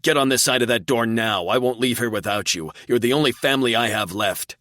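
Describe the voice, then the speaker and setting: A man voicing a fierce, protective male alien warrior who speaks loud and growling. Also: mid-range voice, brisk, no echo, studio quality, voice pushed up, close to an everyday voice. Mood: angry.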